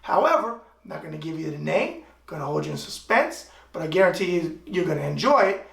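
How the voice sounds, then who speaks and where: A man's voice: on the high side, very animated, fairly quick, vocal fry. A man from the US East Coast hosting a web talk show, doing a brash, wisecracking, opinionated opening monologue. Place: room in Tulsa, Oklahoma. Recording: roomy echo, mic at a distance.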